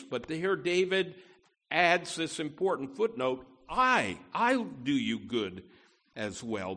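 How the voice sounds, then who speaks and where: A man preaching a sermon, often saying "you know", who slows down and swells when he reads Scripture aloud. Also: on the high side. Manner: lively preaching with frequent "you know" fillers and emphatic repeats. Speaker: pastor.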